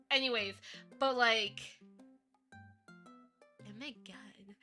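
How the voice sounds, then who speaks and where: A woman's voice: fairly high pitch, unhurried, pushed and bright, soft background music. A woman streaming live as a VTuber while modeling in 3D, chatting playfully with giggles and mock-villain theatrics. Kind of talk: casual live stream chat.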